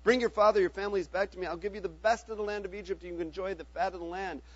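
A man's voice: high voice, steady tone, rapid-fire, dull audio. A man reading the part of a generous king giving commands, in a scripture reading. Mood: commanding.

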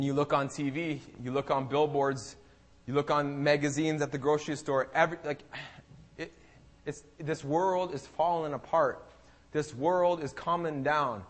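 A young man preaching an impassioned, emphatic sermon at a church service, often repeating his phrases. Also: fairly high pitch. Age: young adult.

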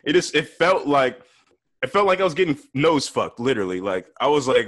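A man's voice: medium pitch, sing-song, brisk, fairly bright tone. A young man on a podcast, telling a crude story in casual chat, laughing often and acting out what people said. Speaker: podcast host.

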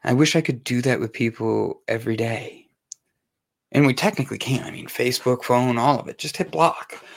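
A man's voice: medium pitch, moderate pace, gravelly, no echo. A man hosting his own show, talking candidly and emphatically about mental health, repeating phrases and swearing for force. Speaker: podcast host. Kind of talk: personal monologue on mental health.

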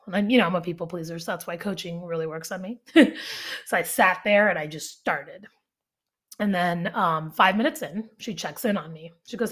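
A young adult woman and life coach talking casually on her solo podcast, chatty and animated, full of fillers and acted-out quotes. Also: fairly low pitch, a little fast.

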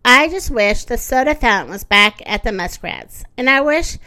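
A woman voicing a kind rag doll girl who speaks gently and reassuringly. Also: on the high side, lively intonation, moderate pace.

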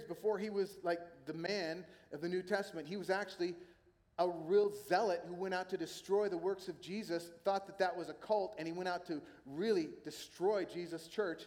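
A man preaching a sermon as a pastor, in a conversational, animated storytelling manner. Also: sits high. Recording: long hall reverb.

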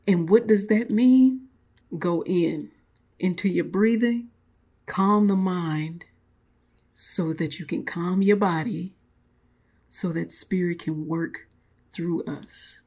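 A woman's voice: fairly low pitch, takes it slowly, a little mellow, breathy edge. A woman giving a spiritual motivational talk, reflective, often repeating and restating her words. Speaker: spiritual speaker.

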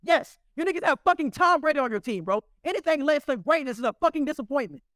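A man in a heated casual sports argument, loud and profane, repeating himself insistently. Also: very high-pitched, lively intonation, quick pace, no room sound, clean studio sound. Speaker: sports debater.

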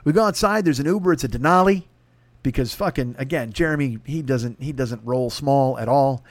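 A man's voice: mid-range voice, brisk, dry recording. A man hosting a podcast, telling a rambling, profane comic story. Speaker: podcast host. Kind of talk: comedic storytelling.

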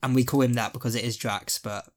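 In a casual podcast conversation, a male co-host speaks fast in a mid-range voice with fairly even intonation, animated as he swears and imitates characters' quotes.

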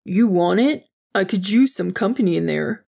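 A woman voicing a cocky, joking teenage boy in a storybook reading, with a gravelly edge. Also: medium pitch, animated, moderate pace, a little mellow. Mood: teasing. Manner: joking, smug.

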